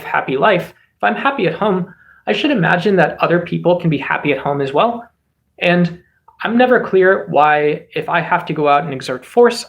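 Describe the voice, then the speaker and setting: A man from the United States rambles through casual political commentary, restarting his thoughts and piling on "um" and "like." His voice is fairly high for a man, and he keeps a loose, conversational flow as he answers his chat. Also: vocal fry, a bit bright. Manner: rambling, many fillers and restarts. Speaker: streamer host.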